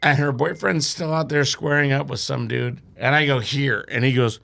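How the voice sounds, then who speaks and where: A man's voice: mid-range voice, fairly even intonation, normal speed, gravelly, sharp tone. A young man telling a wild drinking story as a podcast guest, swearing and laughing through it. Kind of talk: casual storytelling.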